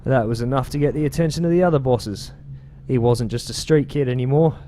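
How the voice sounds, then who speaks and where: A man's voice: mid-range voice, a little fast, dark tone, a little hiss or hum, lightly acted. A man voicing a male street gang member telling tales in an attempted British accent, reading game lore aloud in a slangy, loose delivery. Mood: storytelling.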